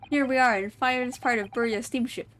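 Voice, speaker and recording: Woman doing a gruff, curt sailor guard. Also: on the high side, steady tone, fairly quick, fairly bright tone, a little hiss or hum, lightly acted. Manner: broken clipped English, curt. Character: gruff male sailor guard, blunt and scornful.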